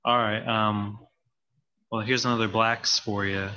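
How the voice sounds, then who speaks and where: A man's voice: lowish voice, flat delivery, unhurried, sharp tone, muffled recording. A man co-hosting a comedy podcast, playful and giggly, with lots of ums and uhs. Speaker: podcast co-host. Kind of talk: casual comedy banter.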